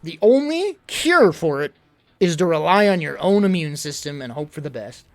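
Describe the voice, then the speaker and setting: A young man streaming live in casual chat, out of breath, rambling and worried, swinging between loud emphasis and low mutters. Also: sing-song, moderate pace. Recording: faint music behind.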